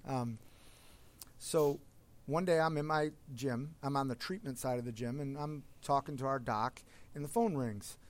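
A man, a podcast guest, telling casual stories and anecdotes in a lively way. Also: mid-range voice, moderate pace. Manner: lively anecdotes with quoted dialogue. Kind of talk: casual storytelling.

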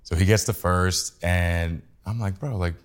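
A man co-hosting a podcast, telling a story in a relaxed, rambling way. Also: low-pitched, unhurried, clean tone. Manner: relaxed, rambling, many "like" fillers. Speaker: podcast co-host. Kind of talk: casual chat.

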